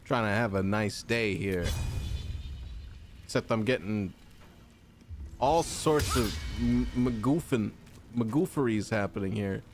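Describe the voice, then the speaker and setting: A man's voice: fairly low pitch, a little slow, long pauses, faint music behind. A young man giving casual, jokey commentary while streaming a game, mock-angry and full of silly made-up words.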